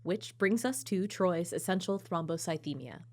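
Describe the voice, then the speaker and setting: A woman with a lowish voice co-hosts a podcast, moving things along with brief, informative lines between the clips. Her delivery is brisk and to the point. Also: expressive, a little mellow. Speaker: podcast co-host. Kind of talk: scripted podcast commentary.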